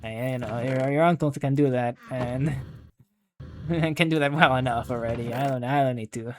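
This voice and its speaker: At a normal speed and in a mid-range voice, a young adult talks over casual gameplay from a desk mic, meandering, self-mocking and filling gaps with "like." A little background noise can be heard.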